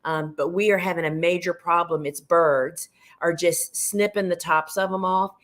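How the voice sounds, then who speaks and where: A middle-aged woman hosting a casual live gardening show, chatty and homey, her voice a little hoarse from losing it. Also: on the low side, fairly even intonation, normal speed, fairly bright tone. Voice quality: chatty, homey, addresses viewers as friends.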